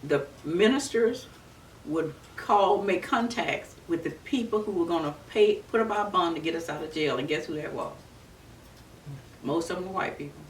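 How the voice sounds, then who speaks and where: A woman in her seventies from Florida, recalling her civil rights days in an earnest, unhurried oral-history telling. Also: on the low side, lively intonation. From Florida, USA. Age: 70s. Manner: earnest, unhurried storytelling with many restarts. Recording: roomy, distant mic with faint background noise.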